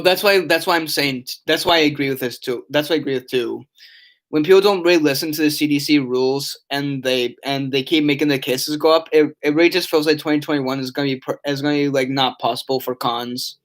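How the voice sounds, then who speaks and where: A man's voice: fairly high pitch, steady tone, fairly quick. A tired young man chatting on a casual live stream, reading chat aloud and rambling with many restarts and fillers. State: yawning, tired.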